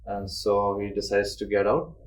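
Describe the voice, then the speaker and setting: A man's voice: on the low side, completely flat delivery, moderate pace, poor audio. A young man, casually telling a ghost story on a podcast and swearing freely. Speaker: podcast host.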